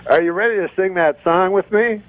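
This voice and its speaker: A male comedian calling in to a radio show, telling jokes with a deadpan, dry delivery. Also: sits high, brisk, no room sound, phone-quality sound. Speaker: comedian guest.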